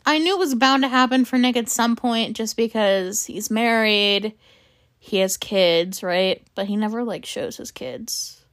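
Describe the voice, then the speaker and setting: Young woman, host, casual chat, slightly high voice, chatty, lots of fillers. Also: a little slow, a bit bright. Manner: chatty, many fillers and laughs. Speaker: podcast host.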